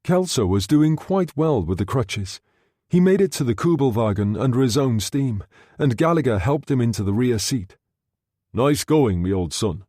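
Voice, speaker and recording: A man reading a thriller audiobook in a steady, measured narration. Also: medium pitch, no echo, studio quality. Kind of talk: scripted narration.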